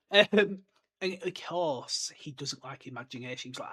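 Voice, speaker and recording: A young man chats casually into his podcast mic. His voice sits a little on the high side, and he talks in an animated, rambling way, breaking off and correcting himself as he goes. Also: normal speed, slightly rough. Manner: chatty and animated, with many fillers and self-corrections. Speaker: podcast host. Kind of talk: casual book-discussion podcast.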